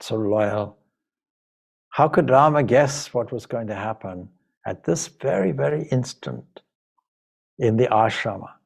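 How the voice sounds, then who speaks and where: In a spiritual storytelling talk about a sacred epic, a monk and spiritual teacher with a lowish, gravelly, slightly rough voice emotively retells the ancient tale. His retelling is dramatic, with the dialogue voiced aloud.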